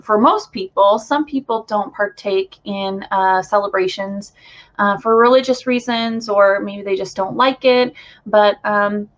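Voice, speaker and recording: A woman's voice: mid-range voice, fairly bright tone. A woman hosting a live stream as a spiritual channeler, talking casually to viewers with lots of fillers. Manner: chatty, loose, many fillers. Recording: dull lo-fi stream audio.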